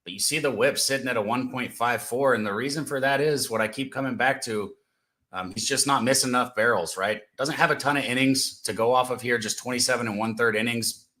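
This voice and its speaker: A man's voice: medium pitch, a little fast, bright, forceful tone. A man co-hosting a casual sports betting show, blunt and sarcastic, swearing freely. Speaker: co-host.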